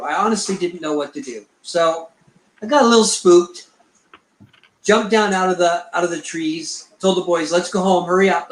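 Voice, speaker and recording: Middle-aged man telling a rambling story. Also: high voice. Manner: rambling, acts out quoted dialogue. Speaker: Bigfoot researcher, guest. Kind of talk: storytelling in an interview. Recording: echoey room.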